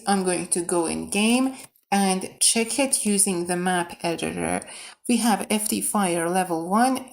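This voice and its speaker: A woman live-streaming game mod development, thinking aloud as she works, muttering quietly and then bursting into excited shouts. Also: mid-range voice. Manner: mutters quietly while working.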